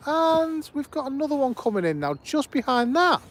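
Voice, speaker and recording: Broadcasting live from outside an airport, this man has a very high voice with big pitch swings and a moderate pace. He's chatty and enthusiastic with his viewers, naming them as he greets them and keeping up excited commentary.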